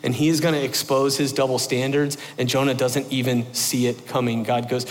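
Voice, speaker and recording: A man preaching a sermon in an animated, conversational way, stressing points by repeating them. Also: mid-range voice, moderate pace, hardly any pauses, long reverb tail. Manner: animated, conversational, emphatic repetition.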